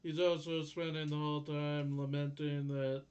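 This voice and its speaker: A man's voice: on the high side, little pitch movement, normal speed, darkish tone. A man co-hosting a casual anime review chat, chiming in with added details. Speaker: co-host. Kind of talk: casual episode recap chat.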